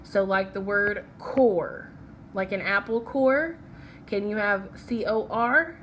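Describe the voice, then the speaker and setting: A woman teaching phonics who moves slowly and patiently through each word. She stops often to ask "okay?" before going on. Her voice sits in an ordinary middle register, with a faint hiss of noise behind it. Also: medium pitch, fairly bright tone. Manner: patient, checks in with "okay?" after each step. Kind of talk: phonics lesson with slides.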